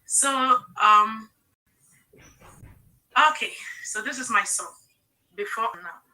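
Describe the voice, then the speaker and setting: Through poor audio, a middle-aged woman's voice comes across fairly high, slow, pushed and bright as she hosts a casual sales live stream. She shares earnest, emotional stories from her own life and keeps checking in with "okay?".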